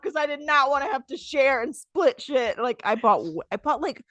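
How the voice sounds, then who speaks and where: A woman co-hosting a casual podcast, telling animated stories and acting out her own outbursts. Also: sits high, moderate pace, no echo, dull audio. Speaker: podcast co-host. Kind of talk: casual chat.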